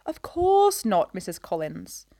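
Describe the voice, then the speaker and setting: A woman's voice: medium pitch, huge pitch swings, slow, dark tone, dry recording, clean studio sound. A woman voicing an airy, imperious older upper-class lady. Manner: airy, haughty.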